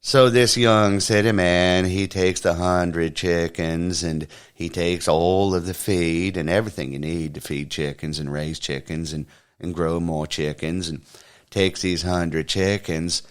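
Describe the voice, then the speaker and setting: Male podcast host, low deep voice, folksy drawn-out joke telling. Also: fairly even intonation, clear, resonant tone.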